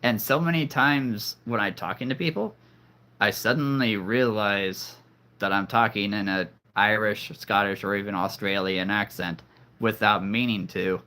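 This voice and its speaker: A man's voice: on the low side, steady tone, unhurried, sharp tone. A man hosting a live stream in casual chat, rambling and talkative, with many fillers and restarts.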